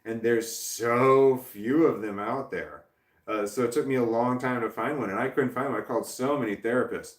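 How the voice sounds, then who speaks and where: Here the livestream host talks at normal speed in a medium-pitched voice, distant from the microphone with a reverberant sound. He rambles and pokes fun at himself while responding to chat from a creaky chair indoors.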